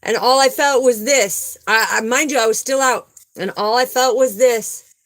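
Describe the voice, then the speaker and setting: A woman's voice: fairly high pitch, normal speed, a bit bright, low-quality recording. A woman giving an earnest, emphatic spiritual talk and telling a personal story, often repeating herself for emphasis. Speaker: spiritual vlogger. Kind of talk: casual spiritual talk and testimony.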